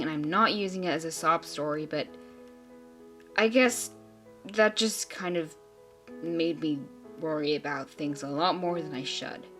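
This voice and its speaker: Woman, lowish voice, amateur teen drama acting, earnest, sulky. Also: fairly bright tone. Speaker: voice actor playing several teenage girls.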